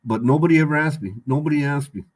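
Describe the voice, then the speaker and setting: An older man, a guest on an interview show, tells his story candidly in streetwise slang. His voice is a little high and he talks fast, rambling, repeating words and phrases, and swearing freely.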